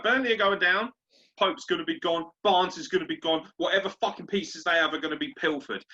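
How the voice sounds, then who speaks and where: A man with a southern English accent ranting in casual sports podcast chat, sweary and animated. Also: a little high, dull audio. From southern England. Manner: sweary, animated ranting, puts on gruff voices. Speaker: podcast host.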